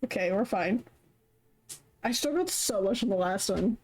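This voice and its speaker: On a casual livestream with background music, a woman talks at normal speed in a mid-range, slightly mellow voice. She swears often, sounds flustered and confused, and sings along with the music between things she says.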